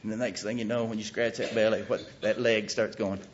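A middle-aged man preaching a sermon in a folksy, emphatic way, with his voice rising to loud peaks. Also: on the low side, little pitch movement, fairly quick, slight background noise. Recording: muffled lo-fi recording.

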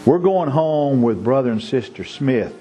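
A man's voice: mid-range voice, lively intonation, unhurried, mellow, slight background noise, lightly acted, low-quality recording. A man voicing a stern mother who lays down the law to her young son, firm and scolding. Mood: stern warning. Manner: firm, scolding, rising emphatic.

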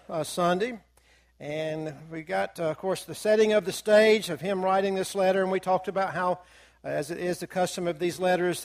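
A man with a fairly high voice and a drawl leads a Bible class. He talks in an easygoing, folksy way, with fillers and asides to the students, and draws out the scripture quotes slowly.

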